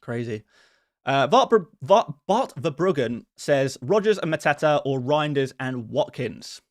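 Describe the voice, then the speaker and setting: A man's voice: medium pitch, expressive, measured pace, no room sound. A man talking on a live stream in an easygoing way, with a voice that rises and falls a lot. He jokes at his own expense and laughs often. His sound is close and dry, with no room around it. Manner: chatty, self-deprecating, laughs often. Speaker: fantasy football streamer. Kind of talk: casual live-stream chat answering viewer questions.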